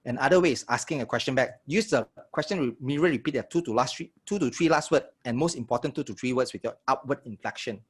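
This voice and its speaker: Husky-voiced man teaching sales. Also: mid-range voice, quick pace, hardly any pauses. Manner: energetic, checks in with audience often. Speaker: sales trainer. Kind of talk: live online workshop teaching.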